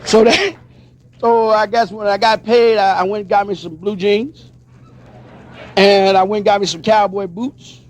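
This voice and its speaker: A man with a notably high voice tells his recovery story to a convention crowd. He speaks emphatically, slipping into the voices of the people in it. He grew up in Pennsylvania. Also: fairly even intonation, measured pace, a little hiss or hum. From Pennsylvania, USA. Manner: emphatic storytelling, acts out dialogue. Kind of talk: personal testimony speech.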